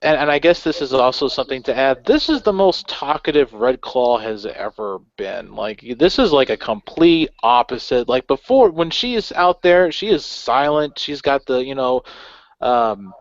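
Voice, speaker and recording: A man's voice: medium pitch, lively intonation, moderate pace, no echo. A man talks casually at a gaming table, rambling through his thoughts with lots of likes. The sound is dry and dull, like a cheap mic in a deadened room. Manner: chatty, loose, with many likes and restarts. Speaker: player. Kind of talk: casual table-talk about his character.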